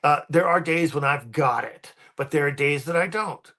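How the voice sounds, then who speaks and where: A man guesting on a podcast, chatting casually and winding through his stories with frequent ums and restarts. His voice is fairly high and bright. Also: normal speed. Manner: rambling, many ums and restarts. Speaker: guest paranormal researcher.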